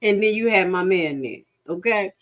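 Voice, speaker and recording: A woman casually commenting live as she reads through a lawsuit, frank and animated, speaking straight to her viewers and swearing freely. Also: normal speed. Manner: animated, swings into high-pitched laughing outbursts and back to low reading.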